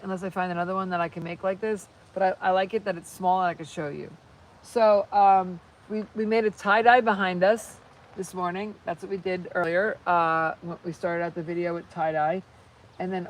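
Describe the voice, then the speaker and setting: A woman hosting a casual live stream outdoors, rambling and chatting while she reads viewer comments aloud. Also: mid-range voice. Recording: distant mic with faint background noise.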